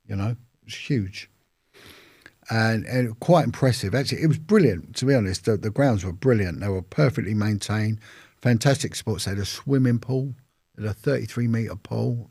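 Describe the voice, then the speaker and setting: A man's voice: lowish voice, gravelly, darkish tone, husky, no echo, clean studio sound. A man with a London accent, an interview guest telling a long story in a casual, rambling way with acted-out quotes. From London, England.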